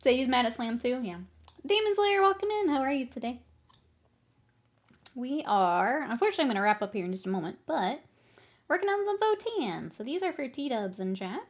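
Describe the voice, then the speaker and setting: A woman's voice: fairly high pitch, sing-song, a little fast. A woman streaming her miniature painting, chatting casually, laughing often and answering her chat while she works.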